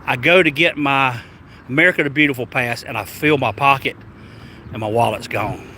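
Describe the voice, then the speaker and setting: A Southern US man spins a travel tale for his vlog, rambling and stumbling over his words as he goes. His voice sits at an ordinary middle pitch, with faint vehicle noise humming behind him. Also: moderate pace. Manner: animated, rambling, stammering restarts. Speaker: travel vlogger. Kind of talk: casual storytelling.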